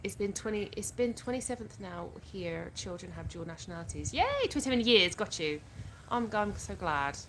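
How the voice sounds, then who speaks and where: Woman, 30s, livestream host, casual chat, reads viewer comments aloud, middle pitch, phone mic, background noise with clicks. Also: lively intonation, normal speed, fairly bright tone, poor audio. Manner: chatty, reads out viewer comments and answers them.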